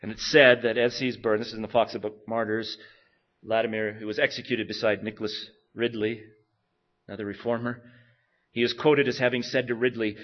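A man preaching a sermon with animated delivery and rhetorical questions, moving between loud emphasis and hushed, intense lines. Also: on the low side, brisk. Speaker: pastor. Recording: dull lo-fi recording.

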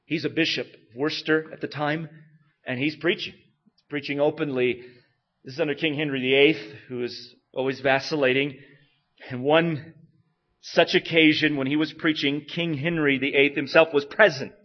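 Sex: male. Role: pastor. Style: sermon. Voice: fairly high for a man. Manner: animated, swings from loud to hushed. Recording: dull and lo-fi. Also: normal speed.

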